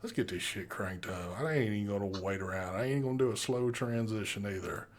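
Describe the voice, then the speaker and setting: A man's voice: on the low side, fairly quick. A man hosting a casual live stream, loose and profane, a bit out of breath. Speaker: show host.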